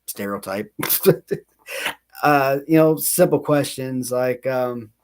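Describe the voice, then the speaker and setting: A man's voice: medium pitch, slow, smooth. Rambling, self-mocking man in his thirties. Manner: rambling, self-mocking, laughs often, many restarts. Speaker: channel host. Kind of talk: casual rambling livestream chat.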